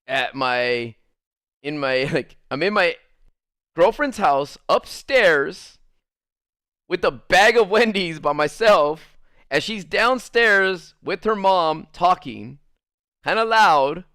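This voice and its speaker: A man's voice: fairly high pitch, clear, resonant tone, no room sound, clean studio sound. Young man rambling through a story. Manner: rambling, filler-heavy, many "like"s; lively, acts out the people in his story. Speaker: streamer. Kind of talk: casual storytelling while gaming.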